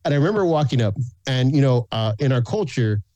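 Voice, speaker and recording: With a warm, medium-pitched voice, lively intonation, and a slightly fast pace, a man from San Antonio, Texas, shares casual stories on a podcast. He creates food content, laughs often, and acts out the people he quotes, and the recording is dry.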